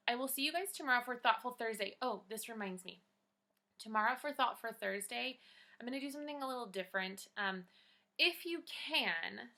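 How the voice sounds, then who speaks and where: A woman's voice: a little high, bright, forceful tone. A woman teacher talking to children in a video lesson from home, in a chatty, encouraging manner. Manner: upbeat, encouraging, chatty with the kids. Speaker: teacher giving a daily check-in to children.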